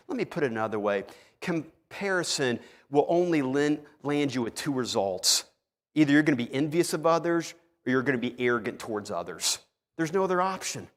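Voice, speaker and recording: A male pastor preaching a sermon, telling stories in an animated way and acting out the people in them. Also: mid-range voice, brisk. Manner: animated storytelling, acts out characters. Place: church sanctuary. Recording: long hall reverb in church.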